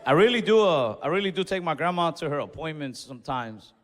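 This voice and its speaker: A young man doing a stand-up comedy set, telling stories in a laid-back, deadpan way with quick asides. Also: fairly high pitch. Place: comedy club stage. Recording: reverberant club hall with faint crowd noise.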